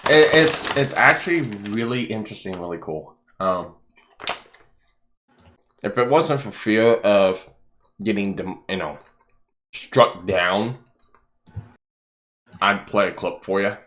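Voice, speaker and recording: A low-pitched man chatting casually as a stream host. He swings from relaxed rambling to sudden excited outbursts, swears casually and laughs a lot. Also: slow pace, long pauses. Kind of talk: casual livestream chat.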